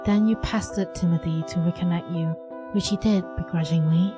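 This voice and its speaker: A woman's voice: fairly low pitch, normal speed, over music. A woman gaming streamer reacting bluntly while playing a story game and reading its narration aloud. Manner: reacts bluntly, expressive asides. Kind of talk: let's play commentary and reading game text.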